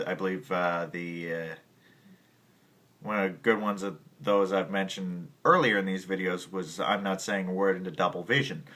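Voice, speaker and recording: A man's voice: on the low side, sharp tone. A man giving a casual piano lesson, rambling with many restarts and stopping to scat rhythms. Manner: rambling, many restarts, sings and scats examples. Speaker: piano teacher. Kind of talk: casual music tutorial.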